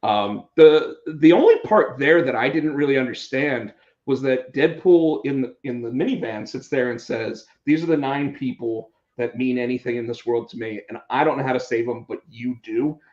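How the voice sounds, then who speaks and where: A man's voice: mid-range voice, moderate pace. Man chatting in a roomy lo-fi room. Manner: animated, acts out quotes, many restarts. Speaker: podcast host. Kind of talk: casual movie chat. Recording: roomy, dull lo-fi sound.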